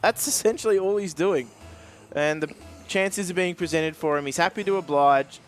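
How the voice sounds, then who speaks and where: Analytical esports co-caster, slightly high voice. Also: male voice. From Australia. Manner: measured analysis, bursts of excitement. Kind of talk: live esports play-by-play.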